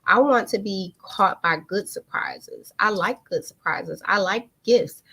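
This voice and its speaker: A woman's voice: mid-range voice, a little slow, creaky, slightly rough. A woman, hosting a live online talk and candidly telling a personal story in casual speech. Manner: candid, animated, swings into lively quoted voices.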